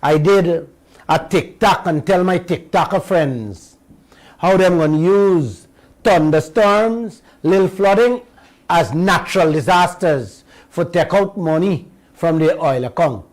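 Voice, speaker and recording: A man's voice: high-pitched, rough recording. A middle-aged man, hosting a radio show and giving an emphatic political commentary monologue straight to his listeners. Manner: emphatic, drawn-out words, addresses listeners as uncle and auntie.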